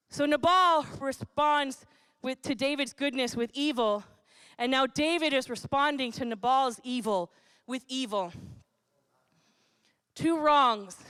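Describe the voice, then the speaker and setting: Woman pastor with a high voice, preaching animatedly and with emphasis; dry, close sound. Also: smooth, no room sound. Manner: animated, emphatic, laughs between points. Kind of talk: sermon. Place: church.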